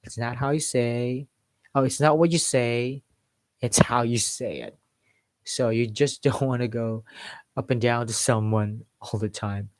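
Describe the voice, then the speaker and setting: Male accent coach, casual live-stream lesson, mid-pitched voice, dry close mic. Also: steady tone, measured pace, no echo. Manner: explains with modeled examples and filler words. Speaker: English accent teacher.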